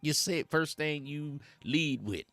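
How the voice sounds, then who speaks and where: A man's voice: on the high side, takes it slowly, a bit bright, dry recording, faint music behind. A man hosting a satirical dating-advice monologue, talking in streetwise slang and rambling like a preacher, chuckling between his points. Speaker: host.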